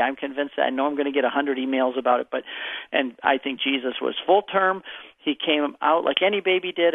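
A man's voice: fairly high pitch, gravelly, dry recording. An older man answering callers' faith questions on a call-in radio show, telling stories and acting out the voices. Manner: storytelling, acts out voices in his answers. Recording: dry, phone-like radio audio.

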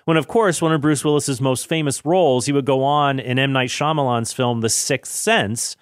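A man's voice: medium pitch, normal speed, fairly bright tone, no room sound. Chatty man in his thirties, dry sound. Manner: chatty, self-correcting, laughs at himself. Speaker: film commentary host. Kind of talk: casual film commentary.

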